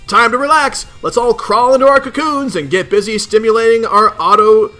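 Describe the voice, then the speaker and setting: Bright, animated, cursing young troll leader, voiced by a man, gruff, faint music under him. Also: very high voice, fairly quick, pitched above the performer's own voice. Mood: sarcastic. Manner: gruff, exasperated ranting with heavy swearing. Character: cranky teenage male troll leader, foul-mouthed.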